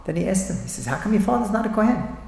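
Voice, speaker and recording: A middle-aged man delivers an animated, story-filled inspirational talk, often repeating his words for emphasis. His voice sits high and has a gravelly edge. The sound rings around a large echoey hall with a long tail. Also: very fast, a little hiss or hum. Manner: animated, repeats phrases, acts out quoted voices. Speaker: speaker at a religious talk.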